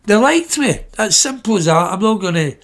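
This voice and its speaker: A man's voice: sits high, very animated, a little fast, fairly bright tone. A middle-aged man with a Glaswegian Scottish accent, telling personal stories on his podcast in a blunt, swearing way and acting out the dialogue. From Glasgow, Scotland. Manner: blunt, swears freely, acts out quoted dialogue. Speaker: podcast host. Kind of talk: personal anecdote storytelling.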